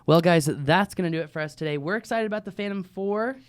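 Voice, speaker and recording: A man's voice: high voice, fast, clear, resonant tone, dry recording. A man co-hosting a casual podcast, talking with enthusiasm. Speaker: podcast co-host. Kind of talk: casual chat.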